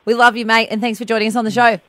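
A woman co-hosting a radio show, chatty and quick to laugh. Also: a little high, level tone, no room sound. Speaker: radio host. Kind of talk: breakfast radio banter. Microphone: studio microphone.

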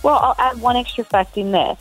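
A woman's voice: on the high side, fairly quick, dry recording, soft background music, poor audio. A woman, speaking frankly as an expert guest on a radio talk show. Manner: articulate, explaining frankly. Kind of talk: radio discussion.

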